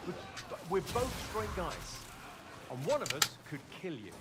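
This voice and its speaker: At a comedy club, a man does brash, sweary stand-up crowd work, teasing the audience. His high voice is very animated but unhurried, and the live recording is very noisy with loud crowd laughter.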